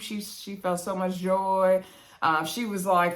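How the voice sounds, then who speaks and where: A woman's voice: medium pitch, moderate pace, a bit bright. A woman casually recapping a reality show, chatty and laughing, acting out the cast members' lines in quoted voices.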